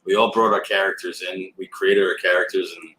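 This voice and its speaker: A man guest at a comic shop signing, telling stories in a relaxed, rambling way with fillers. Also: sits low, brisk. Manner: relaxed storytelling with filler words and restarts. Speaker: actor and guest. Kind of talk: casual interview chat. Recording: roomy, with faint background noise.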